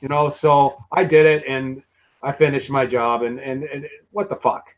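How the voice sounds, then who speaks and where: A man's voice: mid-range voice, fairly even intonation, normal speed. A man, a guest actor, telling behind-the-scenes stories in a rambling, profane way full of restarts. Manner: rambling and profane, many restarts and repeated words. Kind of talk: casual commentary storytelling.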